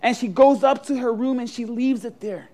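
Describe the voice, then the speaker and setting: A preacher giving a sermon and telling a story with dramatic swings from soft to loud. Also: mid-range voice, normal speed.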